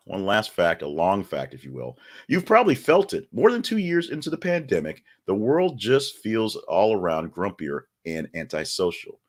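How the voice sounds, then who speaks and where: A man hosting a news podcast in a chatty, wry way, with offhand asides and restarts. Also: deep voice. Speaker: podcast host. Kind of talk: casual news podcast monologue.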